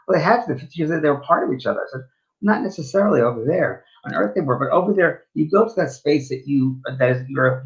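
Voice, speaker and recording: A man's voice: mid-range voice, highs cut off. A man co-hosting a talk show as a spiritual medium, telling rambling anecdotes full of fillers and restarts. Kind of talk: casual storytelling chat.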